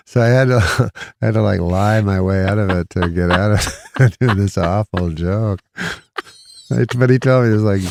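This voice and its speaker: A middle-aged man telling a rambling, deadpan comedy anecdote in casual chat, chuckling between lines. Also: fairly low pitch, a little slow, vocal fry, long pauses, dry recording. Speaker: comedian guest.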